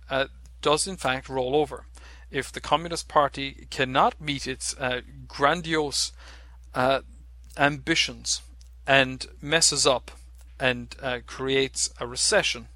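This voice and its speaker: A man giving unscripted market commentary, speaking in a halting way with many fillers and restarts. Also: mid-range voice, sharp tone, no echo. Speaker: market analyst.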